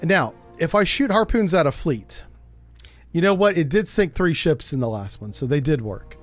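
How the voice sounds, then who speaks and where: While streaming a game, a man thinks out loud with casual, joking commentary. His fairly high voice swings up and down in a lively way at normal speed, with faint music behind him.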